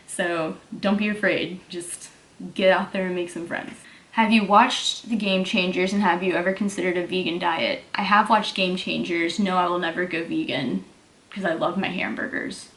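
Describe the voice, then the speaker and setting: Answering viewer questions in a laid-back Q&A vlog, this young Texan fitness vlogger speaks with a mild local accent and plenty of "like" fillers. Her mid-range voice has a gravelly texture, and the audio is reverberant.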